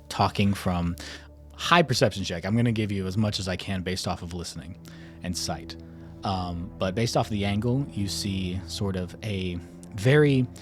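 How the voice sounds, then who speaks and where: A young man narrating as dungeon master in a tabletop game, rambling with fillers and restarts. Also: sits low. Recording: faint music behind.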